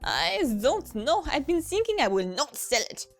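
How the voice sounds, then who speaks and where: A grumpy old restaurant-owning uncle with a deliberately fake French accent, put on by a woman reading game dialogue. The lines swing up and down in a hammy, sing-song way, with faint game music behind. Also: sits high, big pitch swings, creaky, pitched above the performer's own voice, exaggerated voice. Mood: mock-French.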